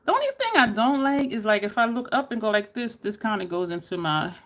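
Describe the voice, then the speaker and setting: Chatty woman, lively voice. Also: fairly high pitch, brisk. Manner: chatty, storytelling, addresses viewers as y'all. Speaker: beauty YouTuber. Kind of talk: casual makeup chat with stories.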